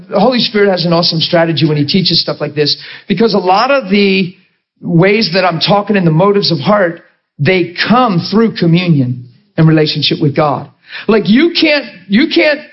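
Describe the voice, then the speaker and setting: High-voiced male preacher, joking and laughing, quizzing the room; muffled lo-fi recording. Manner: chatty and jokey, laughing often, asking the listeners questions. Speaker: pastor and Bible teacher. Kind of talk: sermon.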